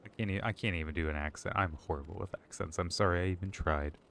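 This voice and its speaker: A man's voice: deep voice, fairly even intonation, fast, gravelly, fairly bright tone, slight background noise. A man giving casual, joking live-stream commentary while playing a game, rambling with restarts, drinking as he talks. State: drinking alcohol.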